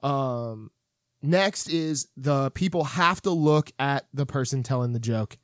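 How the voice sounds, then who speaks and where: A man's voice: mid-range voice, slow pace, dry recording, studio quality. A man hosting a casual podcast, explaining the rules of a game with lots of fillers and frequent laughs. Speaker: podcast host. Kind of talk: casual chat.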